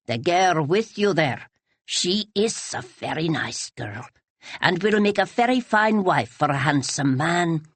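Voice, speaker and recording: A proud old widow with a commanding, formal way of speaking, as a woman reader puts her on. She speaks slowly and deliberately in a lowered, darker tone. The recording is close and dry, with no room sound. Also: animated, slightly rough, no room sound. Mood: firm. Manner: slow, measured, formal speech.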